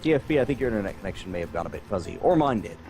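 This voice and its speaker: A man's voice: fairly low pitch, big pitch swings, very fast, darkish tone, soft background music. A man co-hosting a casual gaming podcast, rambling through wry descriptions and tangents. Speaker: podcast co-host.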